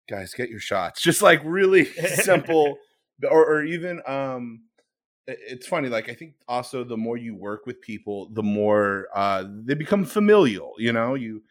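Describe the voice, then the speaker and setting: A man co-hosting a podcast, telling a story in a casual, rambling way with many restarts. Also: mid-range voice. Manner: rambling, halting, lots of fillers and restarts. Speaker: podcast co-host.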